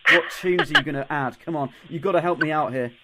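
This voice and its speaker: A man's voice: a little high, fast talker, background noise. A man hosting a radio show, chatting in an upbeat way with plenty of fillers.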